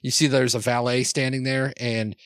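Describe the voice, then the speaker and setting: A man's voice: medium pitch, level tone, moderate pace, a bit bright, no room sound, clean studio sound. A man narrating as game master in a tabletop role-playing game, rambling with lots of fillers and restarts.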